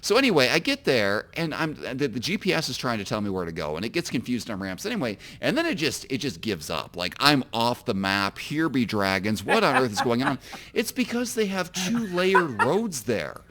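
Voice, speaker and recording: A man from Illinois co-hosts a casual podcast and drifts through long, self-deprecating anecdotes. His voice is mid-pitched for a man, and its pitch moves a great deal as he tells the story. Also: big pitch swings, a little fast, hardly any pauses, pushed and bright. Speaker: podcast co-host and author.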